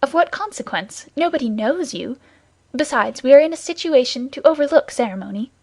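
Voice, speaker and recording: A woman's voice: high-pitched, expressive, brisk, a little mellow, no echo, voice pushed up. Woman reading earnest young guardsman, gallant, reassuring, commanding, dry close audiobook sound.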